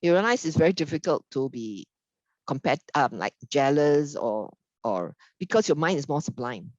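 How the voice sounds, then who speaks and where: A woman's voice: sits low, moderate pace, no room sound, dull audio. A woman giving an informal Buddhist dharma talk, often asking "isn't it?" and acting out little quoted exchanges. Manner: animated, acts out little quoted exchanges, frequent tag questions.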